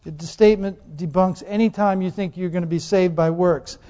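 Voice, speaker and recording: A male pastor delivers a sermon in a high, soft-edged voice, questioning his congregation and hammering points through repetition. His words ring out with a long reverb through a large church hall. The recording is muffled and lo-fi. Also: fairly even intonation, moderate pace. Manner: asks the congregation questions, repeats phrases for emphasis.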